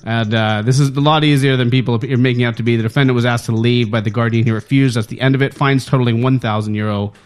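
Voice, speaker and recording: A man's voice: medium pitch, fairly even intonation, fast talker, hardly any pauses, clean tone. A man co-hosting a comedic talk show, reading out a local news story with playful announcer flair and laughing asides.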